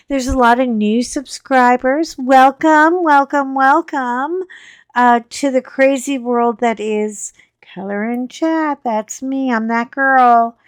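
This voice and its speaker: A middle-aged woman, hosting a crafting channel and telling rambling, animated stories while she works. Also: fairly high pitch, no echo, studio quality. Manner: chatty, rambling, animated storyteller. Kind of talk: casual storytelling while crafting.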